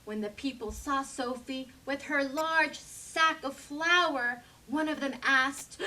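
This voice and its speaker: A woman storyteller at a library, reading a children's picture book aloud in an animated way. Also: sits high, recorded from a distance. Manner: slow animated read-aloud.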